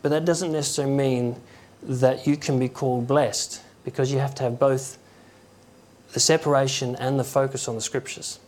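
Man, conversational preacher, halting delivery, acts out stories. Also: mid-range voice, steady tone, darkish tone. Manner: conversational, halting, with chuckles and acted quotes. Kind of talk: informal sermon.

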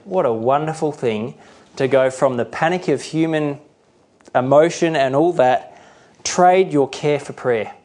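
A man's voice: a little high, measured pace, darkish tone. A middle-aged male pastor preaching a sermon earnestly, sometimes acting out the voices he quotes.

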